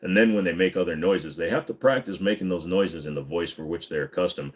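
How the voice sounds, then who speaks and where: A man's voice: low voice, a little fast, few pauses. A man hosting a casual live stream, rambling through crude, jokey banter with his chat.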